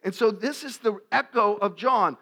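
A man preaching a sermon to a live audience, asking questions and rising to loud, emphatic peaks. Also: high-pitched, normal speed, husky. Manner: asks the crowd questions, gets loud and shouting at climaxes. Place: live event before an audience.

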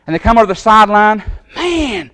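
A man preaching a sermon in a Southern American accent, folksy and animated, acting out the voices he quotes. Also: high-pitched, a little slow, no room sound. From Southern United States.

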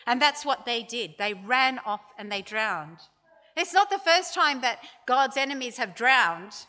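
A woman preaching a sermon, telling a story in measured steps and giving the quoted lines with dramatic emphasis. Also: a little high, lively intonation, bright, forceful tone. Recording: long hall reverb.

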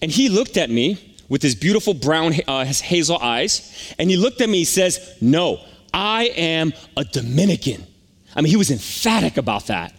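Pastor guy preaching, kinda higher voice, emphatic and chatty, lots of "right?" questions. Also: very animated, brisk. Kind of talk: sermon.

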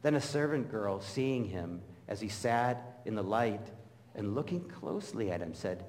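A man's voice: on the low side, lively intonation, a little slow, darkish tone, a little hiss or hum. Man, middle-aged, pastor preaching, storytelling, acts out quotes, long hall reverb. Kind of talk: sermon.

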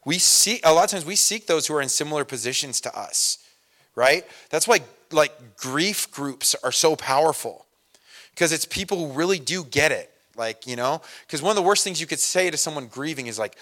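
A man's voice: on the high side, expressive, moderate pace, bright, forceful tone. A middle-aged man pastor giving a conversational sermon, telling personal stories with self-deprecating humor and occasional laughs.

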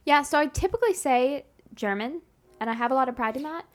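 A woman from Texas, co-hosting a podcast in casual chat, playful and quick to laugh, with many fillers. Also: high-pitched, lively intonation. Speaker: podcast co-host.

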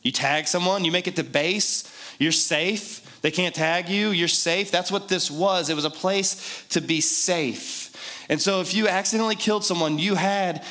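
A man's voice: high voice, normal speed, a bit bright. A man preaching a sermon in a conversational, joking way, driving points home with repetition. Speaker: pastor.

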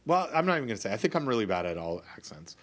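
A man's voice: lowish voice, big pitch swings, very fast, fairly bright tone. A man co-hosting a podcast from his office, talking in a rambling, playful way that keeps stopping and restarting. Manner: rambling, self-interrupting, playful. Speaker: podcast co-host. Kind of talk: casual chat.

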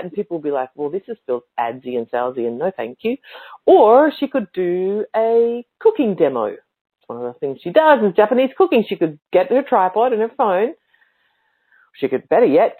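Woman host, casual coaching talk, emphatic and expressive, narrow phone-like sound. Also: medium pitch. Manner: emphatic, animated, with expressive inflections. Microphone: livestream mic.

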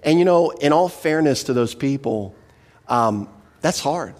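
A man preaching an expository sermon, animated, acting out quoted lines with emphatic voices. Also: on the high side, unhurried. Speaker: pastor. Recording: reverberant hall.

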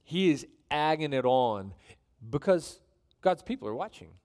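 A man preaching a sermon in an animated, joking way, reading scripture aloud between his asides. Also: fairly high pitch, a little slow. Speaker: pastor.

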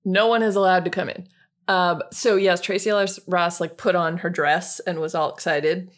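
A woman chatting casually over a video call from home, relaxed and playful, often pausing to find words. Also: lowish voice. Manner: relaxed, hesitant with fillers, playful. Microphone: home mic on a video call.

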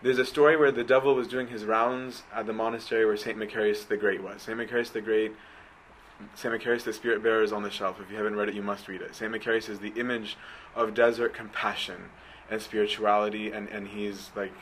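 Heller, gesprächiger Prediger. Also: male voice, lowish voice, level tone, fast, a bit bright, a little hiss or hum, poor audio. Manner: conversational, keeps asking right?. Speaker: preacher. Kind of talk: sermon.

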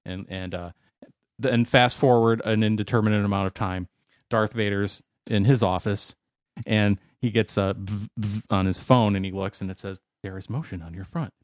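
A man's voice: lowish voice, steady tone, moderate pace, dry recording. Man, casual storytelling, rambling, chuckles, dry room. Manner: rambling, chuckling, profane asides.

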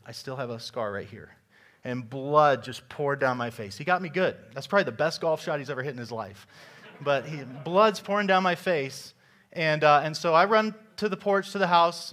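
A young man preaches to his congregation, pitched somewhat high for a man. He tells stories with energy and often pushes his voice up for emphasis. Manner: lively storytelling with sudden loud emphasis. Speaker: pastor. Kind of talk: sermon.

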